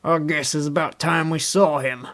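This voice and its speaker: A man reading an audiobook, voicing a calm, terse bearded American man with a revolver. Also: on the high side, moderate pace, lightly acted.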